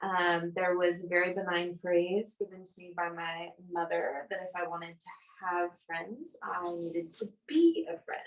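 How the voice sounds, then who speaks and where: Slow, halting woman sharing a testimony. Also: on the low side, creaky. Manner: slow, halting, many pauses and fillers. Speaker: group member sharing a testimony. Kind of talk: personal testimony in casual chat. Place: live church gathering in a room. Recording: distant mic with faint noise.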